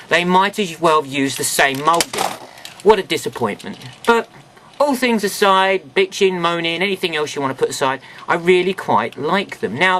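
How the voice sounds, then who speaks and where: Lively, bright-voiced man grumbling. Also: on the high side, slight background noise. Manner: grumbling, frank and self-mocking. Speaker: toy reviewer. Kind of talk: casual review vlog.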